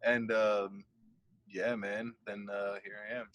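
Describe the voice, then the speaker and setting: A man's voice: on the low side, level tone, slow, fairly bright tone. A young man co-hosting a podcast, telling a rambling story in casual chat, swearing freely and laughing as he goes. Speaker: podcast co-host.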